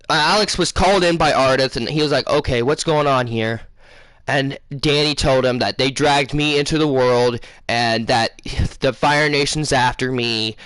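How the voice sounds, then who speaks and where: A man casually telling his viewers a long dream story, rambling, losing his place and filling pauses with um and uh. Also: mid-range voice, a bit bright, smooth, dry recording. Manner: rambling, loses his place, many fillers. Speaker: gaming channel host.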